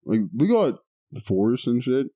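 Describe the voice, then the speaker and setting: A man's voice: mid-range voice, big pitch swings, moderate pace, warm tone. A young man from the Pittsburgh area co-hosting a podcast in casual chat, swearing and laughing often. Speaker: podcast co-host.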